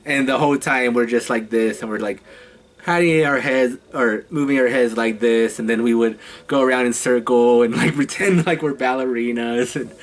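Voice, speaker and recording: Chatty young man telling theatre stories. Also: medium pitch. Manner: chatty and halting, often laughing between phrases. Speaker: vlogger. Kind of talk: casual storytime vlog.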